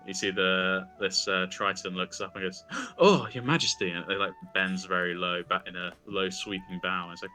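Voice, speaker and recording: A man's voice: low-pitched, monotone, normal speed, hardly any pauses, pushed and bright, faint music behind. A man narrating as game master, rambling with many fillers.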